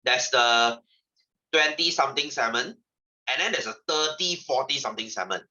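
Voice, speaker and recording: A man's voice: medium pitch, lively intonation, moderate pace, sharp tone, muffled recording. A man giving a chatty science lesson to his class, asking questions and repeating himself. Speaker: science teacher. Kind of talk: classroom lecture.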